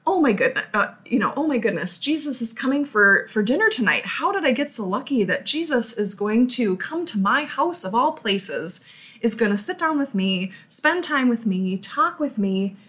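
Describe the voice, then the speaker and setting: A woman voicing a busy homeowner who gushes in a flustered, excitable way. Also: fairly high pitch, normal speed, breathy edge, heavily acted. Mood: excited. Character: fussy busy homeowner preparing for a guest.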